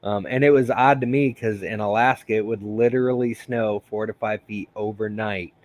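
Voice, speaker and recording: Male stream host, low voice, rambling and laughing, many ums. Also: fairly even intonation, moderate pace, dry recording. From United States. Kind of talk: casual live-stream chat.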